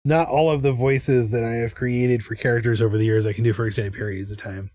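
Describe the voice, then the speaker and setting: A man's voice: medium pitch, steady tone, a little fast, a little mellow, no echo, studio quality. A man chatting casually on a live art stream, rambling and restarting his sentences. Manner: rambling, with many restarts and laughs.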